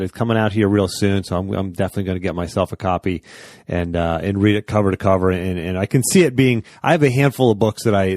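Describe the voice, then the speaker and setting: A man's voice: lowish voice, a little mellow, no echo, clean studio sound. A man hosting an interview podcast, encouraging his guest and giving brief affirmations. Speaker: podcast host. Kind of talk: interview host.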